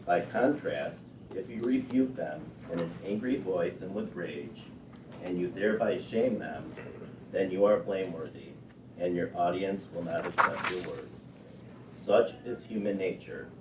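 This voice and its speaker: A man in a class reading a text aloud in a steady, careful way. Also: deep voice, measured pace. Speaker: class participant. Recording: distant and roomy, with background noise.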